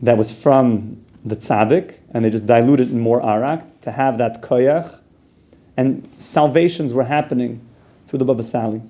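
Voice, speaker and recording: A man teaches a Torah class in a relaxed, conversational way. His voice is dark and mellow, sitting at an ordinary middle pitch. He slips Hebrew and Yiddish terms into plain as he explains. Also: moderate pace. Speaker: yeshiva teacher.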